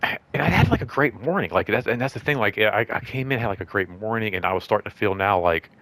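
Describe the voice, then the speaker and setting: A man's voice: lowish voice, lively intonation, fast, a bit bright. Rambling man telling a work story. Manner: rambling, full of "like" and restarts, acts out both sides of conversations. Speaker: show host. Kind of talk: casual storytelling monologue.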